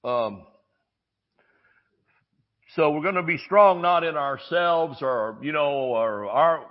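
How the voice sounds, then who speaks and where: Slow and full of long pauses, a pastor's sermon unfolds through lively storytelling, complete with acted-out voices and jokes. His voice is a little high for a man, and the dull, lo-fi sound resembles archived church audio.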